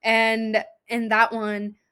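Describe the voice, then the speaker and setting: A woman's voice: a little high, completely flat delivery, extremely slow, a bit bright, clear, resonant tone. A young adult woman, an actress guest in a casual interview, talking chattily with many "like"s and "um"s. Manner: chatty, heavy use of "like" and "um".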